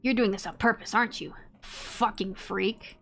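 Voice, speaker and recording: A woman's voice: medium pitch, moderate pace, creaky, a bit bright, faint music behind. A woman reading the lines of a furious young man who hurls swearing accusations at a rival. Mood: angry.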